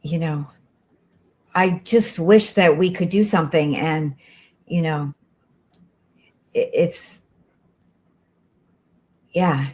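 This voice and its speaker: A woman with a very low voice talks slowly during a card reading. She sounds soft and hesitant, and her sentences are full of fillers. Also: poor audio. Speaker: guest being read for. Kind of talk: casual chat.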